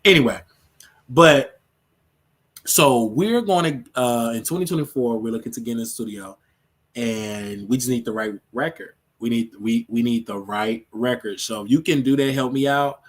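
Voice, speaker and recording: A man's voice: mid-range voice, moderate pace. A man hosting his own show, chatting casually and rambling on a livestream, laughing often. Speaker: show host.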